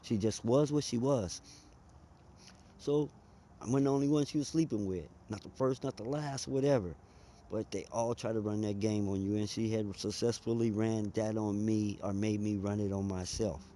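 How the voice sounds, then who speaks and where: Mellow-voiced man telling his story. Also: fairly low pitch, steady tone, moderate pace. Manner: conversational, emphatic, drawls and speeds up. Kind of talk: personal storytelling monologue.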